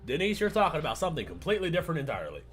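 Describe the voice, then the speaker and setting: A man livestreams and chats casually with viewers, rambling, stammering, repeating words, laughing often and wandering off topic. He talks very fast in a rather high voice with huge pitch swings, soft music playing in the background.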